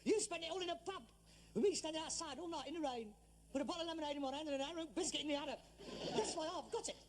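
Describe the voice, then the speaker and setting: An actor playing a frustrated grown son who believes he is gravely ill, talking in an exasperated, theatrical, self-dramatising way, in 1960s television sitcom acting. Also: extremely high pitch, expressive, fairly quick, background noise. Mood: aggrieved.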